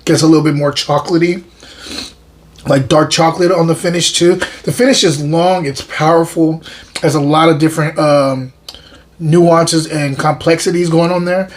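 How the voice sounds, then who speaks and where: A man's voice: fairly high pitch, normal speed. Upbeat man reviewing wine. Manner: relaxed and enthusiastic, repeats words, frequent "um". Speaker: wine reviewer and show host. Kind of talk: casual wine tasting review.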